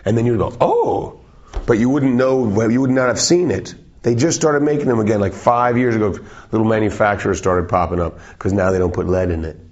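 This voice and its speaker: A man's voice: on the low side, fast, few pauses, a little mellow, highs cut off. A man in his forties from South Africa, chatting loosely in an interview, rambling, joking and swearing freely. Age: 40s. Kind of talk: casual interview chat.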